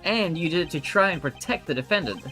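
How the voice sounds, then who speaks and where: Earnest young male prosecutor, read by a man. Steady, sincere. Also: on the high side, fast, faint music behind.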